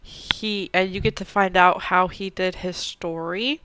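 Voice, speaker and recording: A woman's voice: on the low side, fairly even intonation, measured pace, a bit bright, slight background noise. A woman hosting a casual recap chat, chatty and full of ums and trailing asides. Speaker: host.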